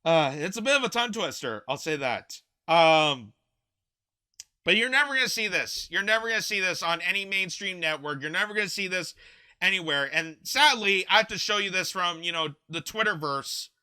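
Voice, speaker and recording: Young male host, heated commentary rant, high voice, very bright tone. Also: expressive, moderate pace, clear, resonant tone. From Canada. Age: 20s. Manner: angry, heated, ranting. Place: home basement.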